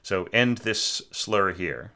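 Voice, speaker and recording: A man with a low, bright and forceful voice, going through a student's orchestration. He talks loosely, with plenty of fillers, and now and then sings a phrase to show what he means. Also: lively intonation, takes it slowly. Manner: chatty, full of fillers, sings phrases to illustrate. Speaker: orchestration teacher reviewing student scores. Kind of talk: informal spoken critique of a score.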